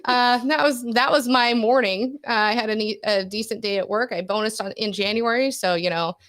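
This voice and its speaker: A middle-aged woman co-hosting a podcast, telling a story in an animated, breathless way with quick asides. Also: on the high side. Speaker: podcast co-host. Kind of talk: casual storytelling chat.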